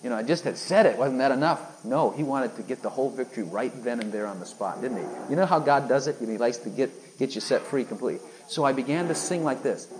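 A man's voice: mid-range voice, expressive, fast talker, few pauses, a little mellow, a little hiss or hum, rough recording. Man preaching a personal testimony. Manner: earnest storytelling, acts out his own lines, bursts into extravagant sung phrases. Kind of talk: sermon testimony.

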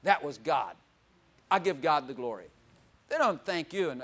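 Animated high-voiced older male preacher. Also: moderate pace. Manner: animated, shifts from loud exclamations to quiet asides, laughs often. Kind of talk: sermon.

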